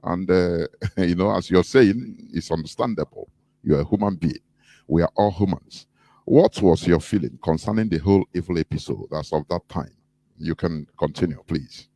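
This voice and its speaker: A man's voice: low-pitched, moderate pace, vocal fry, dark tone, no room sound. A man hosting a radio interview, politely interjecting with earnest questions. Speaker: radio host.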